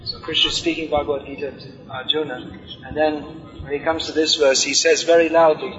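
A man giving a scripture class, reading aloud, explaining and chanting verses slowly. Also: fairly high pitch, little pitch movement, a bit bright. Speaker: lecturer on scripture. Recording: dull lo-fi sound, long hall reverb, music behind.

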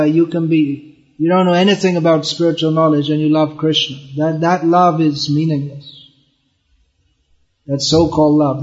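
A man delivers a devotional lecture in a fairly high voice, earnest and explanatory, often doubling back on his words. The recording sounds dull and lo-fi, like an old lecture tape. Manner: chants verses in Bengali. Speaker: spiritual teacher.

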